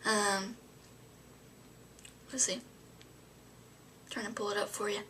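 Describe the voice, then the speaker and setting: A woman's voice: mid-range voice, fairly even intonation, slow pace, pushed and bright, a little hiss or hum. A young adult woman vlogging, telling a story to camera in a rambling way, full of fillers and often dropping to a whisper.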